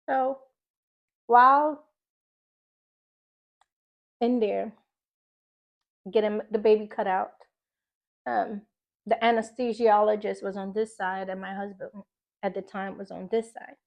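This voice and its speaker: A woman's voice: medium pitch, gravelly. A young woman with a Philadelphia accent telling a personal birth testimony in a casual, emotional way. She uses many fillers and acts out her own pleading words. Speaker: faith vlogger sharing a testimony.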